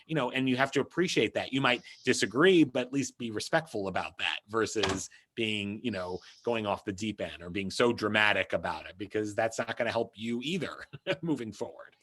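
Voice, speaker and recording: A man's voice: on the low side, animated, fairly quick, fairly bright tone. A man from the United States, a publicist being interviewed, telling a personal story in a casual, rambling way with lots of "you know" and restarts.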